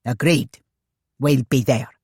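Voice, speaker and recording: A narrator voicing an older father who mulls over plans slowly and deliberately. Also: medium pitch, a little mellow, breathy edge, no room sound, studio quality, heavily acted. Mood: musing. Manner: slow, deliberating. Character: older father, measured and musing.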